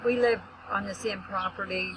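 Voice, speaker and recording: An older woman tells her story in a plain, unhurried way. Her voice sits at an ordinary middle pitch. Birds chirp behind a noisy recording. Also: fairly even intonation. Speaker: guest. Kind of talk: casual testimony.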